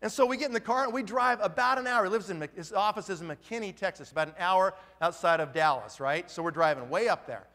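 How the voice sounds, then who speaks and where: A middle-aged man telling a story to an audience, lively and acting out the people in it. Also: sits high, fast talker, hardly any pauses. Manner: animated, acts out the people in his story. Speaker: business speaker. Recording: long reverb of a large hall.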